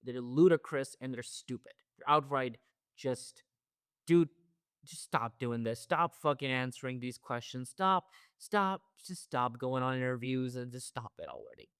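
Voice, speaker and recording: A man hosts a wrestling reaction show, ranting heatedly with heavy profanity and repeated phrases. His medium-pitched voice moves at a normal speed and sounds a bit bright, clear, and resonant. The recording is clean studio sound with no room noise.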